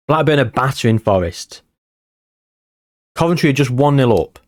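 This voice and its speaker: A man, tired, giving casual commentary on a football management game and muttering player names between bursts of excitement. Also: mid-range voice, normal speed, no room sound, clean studio sound. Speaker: gaming channel host.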